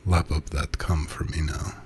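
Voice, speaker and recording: A gravelly, commanding male lover, voiced by a man narrating, speaks in a slow, hypnotic cadence that stays low and kind. His voice sits very deep and holds an even, level line. Faint noise hangs behind him.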